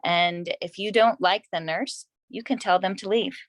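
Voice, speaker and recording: A woman birth professional giving earnest advice on a video call, with halting restarts. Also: medium pitch, no echo. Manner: earnest, halting, many restarts and "you know".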